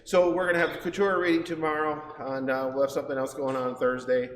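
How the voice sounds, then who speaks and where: This science center educator talks fast in a high-side voice with flat delivery during a livestreamed demo. He rambles in a chatty way, laughs often, and keeps correcting himself, while the exhibit hall lends an echo and faint noise to the sound.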